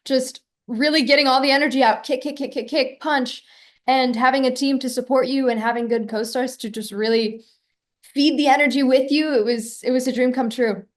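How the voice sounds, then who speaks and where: A woman's voice: sits high, steady tone, moderate pace. A woman, an actress, talking about her action scenes in an upbeat, enthusiastic way. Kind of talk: press junket interview.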